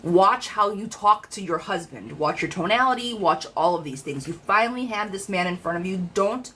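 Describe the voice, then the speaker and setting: A woman giving a live-streamed tarot reading in a chatty, frank, lively way, talking straight to her viewers. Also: mid-range voice, moderate pace, slight background noise, rough recording. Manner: chatty, animated, frank, calls viewers girlfriend. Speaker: tarot reader.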